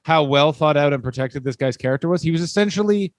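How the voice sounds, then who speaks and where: A man's voice: a little high, fast talker, dry recording. A Canadian man co-hosting a podcast, telling rambling jokey stories and acting out silly bits. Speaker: podcast co-host. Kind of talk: casual comedic chat.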